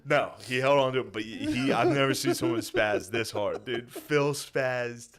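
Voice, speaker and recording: A man's voice: medium pitch, a little slow. An American man in his thirties co-hosting a comedy podcast, telling family stories in a loose, profane way and acting out the people in them. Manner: animated, swears a lot, acts out family members' voices. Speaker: podcast co-host. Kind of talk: casual comedic storytelling.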